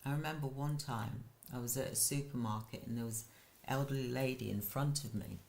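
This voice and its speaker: A man who runs a care business, hosting a live stream and giving casual advice in a slow, halting way with frequent restarts. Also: mid-range voice, creaky, darkish tone.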